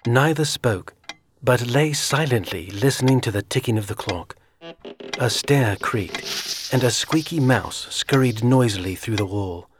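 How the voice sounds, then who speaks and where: A man narrating a suspenseful story in a measured, scripted delivery. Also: mid-range voice, expressive. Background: music.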